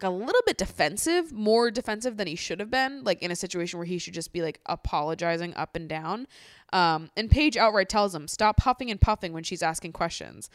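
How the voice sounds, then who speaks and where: A young woman vlogging a reality-show recap in casual chat, blunt and exasperated, swearing freely and talking in fast bursts. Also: lowish voice, a bit bright, clean tone, no room sound, studio quality.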